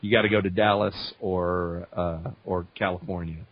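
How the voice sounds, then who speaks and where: A man's voice: deep voice, normal speed, no room sound, phone-quality sound. A man from Louisiana, a voice actor chatting casually on a podcast and telling stories animatedly. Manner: animated storyteller, slips into voices. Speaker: voice actor guest.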